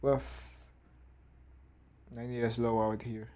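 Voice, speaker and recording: A man's voice: mid-range voice, fairly even intonation, a little slow, a little mellow. A man, thinking aloud as he animates and mimicking a dog's barks. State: hoarse throat. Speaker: animator streaming his work. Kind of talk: casual narrated work session.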